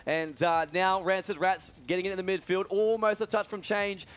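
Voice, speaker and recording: A young man doing live esports commentary, energetic and full of fillers. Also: sits high, clear, resonant tone. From Australia. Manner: fast, energetic, many fillers. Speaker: esports commentator and event organizer.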